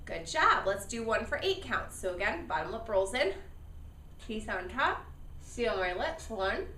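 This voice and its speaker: A woman's voice: a little high, sing-song, unhurried, recorded from a distance, background noise. A woman teaching a beginner saxophone lesson. She counts, models each step and has students echo after her, with patient, encouraging praise. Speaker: music teacher.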